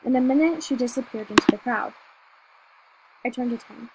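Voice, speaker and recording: Gravelly woman narrating a novel. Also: fairly high pitch, moderate pace, very noisy. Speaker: audiobook reader. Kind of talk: first-person novel narration.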